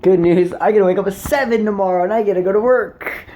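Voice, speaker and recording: A man's voice: high-pitched, fast, mellow, a little hiss or hum. A young man in a casual vlog, rambling through a story to camera with lots of swearing and filler words. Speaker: vlogger.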